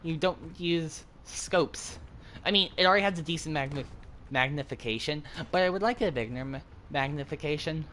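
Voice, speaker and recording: A young man hosting a gaming channel, chatting casually with friends while he plays and bursting into excited yelps and laughs. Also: on the high side, normal speed, a little hiss or hum. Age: young adult.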